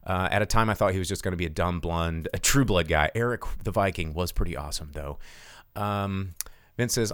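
Low-voiced man rambling through a movie recap. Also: a little fast, fairly bright tone, clear, resonant tone, dry recording, clean studio sound. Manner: rambling, profane, lots of fillers. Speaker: podcast host. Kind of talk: casual live movie-recap chat. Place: home studio.

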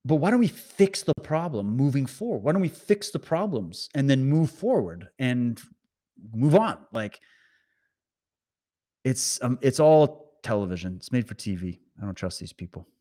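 A man's voice: medium pitch, sing-song, normal speed, mellow. Male commentator, heated and sarcastic, swings his voice widely as he rants. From Canada. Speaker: online commentator. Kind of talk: ranting commentary over clips.

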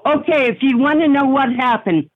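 An indignant woman argues back on a prank phone call. Her voice is high, and she comes through a thin, tinny phone line. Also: moderate pace. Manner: indignant, argumentative.

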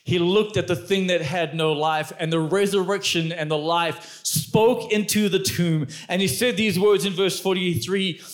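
A man preaching a sermon as pastor, animated and emphatic, chatting with the congregation. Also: sits high, a little slow, hardly any pauses.

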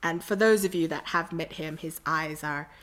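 A woman's voice: deep voice, moderate pace, fairly bright tone. Chatty woman telling a story. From Australia. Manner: chatty, rambling storytelling with lots of fillers. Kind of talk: casual chat.

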